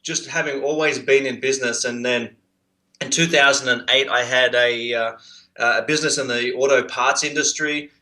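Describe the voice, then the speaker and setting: A man with an Australian accent, a podcast guest telling his business story in a relaxed, rambling way with lots of fillers. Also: medium pitch, normal speed, low-quality recording. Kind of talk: casual interview storytelling.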